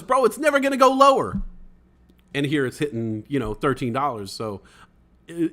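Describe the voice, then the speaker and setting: A man of ordinary middle pitch hosts a loose livestream podcast. He rambles through chat comments, excitable and self-deprecating, with casual swearing. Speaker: podcast host reading live chat.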